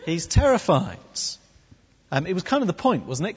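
A preacher gives a sermon with wry humour and a very lively, swooping pitch. His voice is a little husky and slightly high. It sounds dull and echoey, as if caught from the far side of a large hall. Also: moderate pace. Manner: animated, wry, with comic put-on voices. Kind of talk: sermon with humorous asides.

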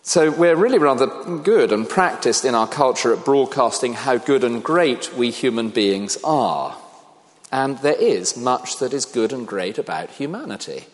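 A man's voice: mid-range voice, very animated, a little slow. A man preaching a sermon, reflective, asking the congregation questions. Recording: long reverb of a large hall.

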